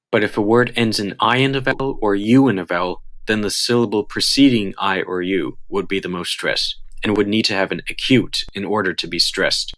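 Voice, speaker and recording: A man with an American accent talks through a prepared lesson in a fairly low voice. His delivery is careful and measured, like someone reading from a script. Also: fairly bright tone. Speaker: channel host. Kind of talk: scripted explanatory narration.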